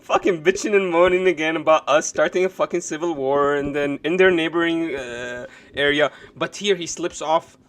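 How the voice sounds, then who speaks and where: A man with a notably high voice hosts a live stream, reacting to a clip. His rant is loud, sarcastic and profane, and his tone keeps turning mocking. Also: moderate pace, few pauses.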